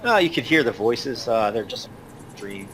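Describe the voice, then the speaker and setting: A man's voice: medium pitch, animated, moderate pace, background noise. A man narrating a tabletop game as game master, hesitant and full of fillers. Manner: hesitant, filler-heavy, lots of "kinda".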